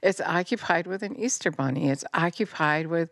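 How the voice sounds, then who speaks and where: A middle-aged woman giving an impassioned sermon, fervent and scolding, swinging from near-shouts down to low intense tones. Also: moderate pace, no echo, clean studio sound. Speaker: preacher.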